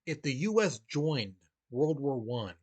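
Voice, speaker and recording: A man's voice: medium pitch, sing-song, unhurried, a little mellow, husky. Casual male history teacher. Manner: casual and conversational, acts out quoted voices. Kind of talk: recorded history lesson.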